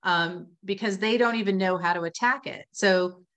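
A woman speaking in a casual webinar conversation over a video call, chatty and animated, full of "you know" and "like" as she explains reading instruction. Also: medium pitch, moderate pace.

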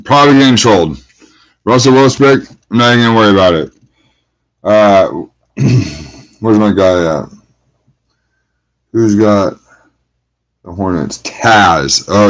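A man's voice: lowish voice, a little slow, long pauses, rough recording. A man hosting a trading card break, calling out each card and greeting viewers, getting hyped at big pulls. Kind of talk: live card-breaking commentary.

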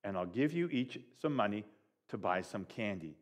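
A man voicing a firm, kindly, practical mother who talks briskly, in a read-aloud story. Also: lowish voice, animated, pitched below the performer's own voice, natural voice.

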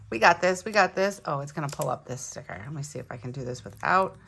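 Low-voiced excitable woman vlogger. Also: fast, vocal fry, a little hiss or hum. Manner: excitable, gushing, thinks aloud. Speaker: planner vlogger. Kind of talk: casual unboxing chat. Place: home room.

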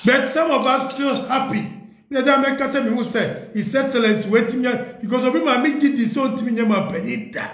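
Speaking briskly in an extremely high, slightly bright voice, a man with a Ghanaian accent passionately pleads with party leaders. He blends Twi and English, and the room he's recorded in echoes.

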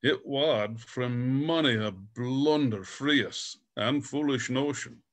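Chaplain reading old Scots verse over a video call, put-on Scottish lilt, unhurried. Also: male voice, mid-range voice, fairly bright tone. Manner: slow, deliberate reading. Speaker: Grand Chaplain reciting poetry. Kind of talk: poetry recitation in Scots.

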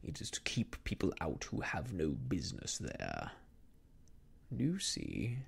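Whispered role-play: a man as a deep, slow, sinister gentleman, falsely sweet. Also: huge pitch swings, creaky, husky, heavily acted. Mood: menacing. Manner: coaxing, then threatening. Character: smooth, menacing middle-aged male country squire.

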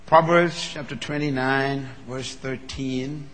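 Man preaching in a large hall. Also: steady tone. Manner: builds from low, measured talk to loud, fervent preaching. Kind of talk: sermon. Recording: long reverb of a large hall.

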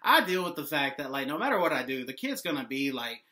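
A man's voice: mid-range voice, big pitch swings, fast talker, sharp tone. A young man talking casually to the camera, joking and rambling with lots of "like" and "y'all". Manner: rambling, joking, heavy use of "like". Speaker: vlogger. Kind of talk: casual monologue.

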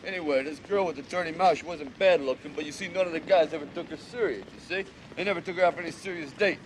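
An actor playing a streetwise young boxer who lectures in plain street slang. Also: male voice, on the high side, fast, a little hiss or hum, close to an everyday voice, low-quality recording. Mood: lecturing. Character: streetwise young male boxer, gentle big-brother type. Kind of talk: film drama acting.

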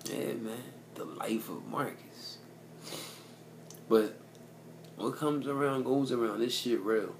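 A man's voice: medium pitch, takes it slowly, long pauses, noisy background. A man telling a story to camera in a casual, profane, rambling way, often checking in with "you know what I mean".

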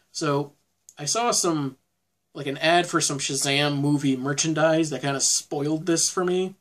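A man giving a casual spoken film review, rambling with frequent restarts and fillers. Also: on the high side.

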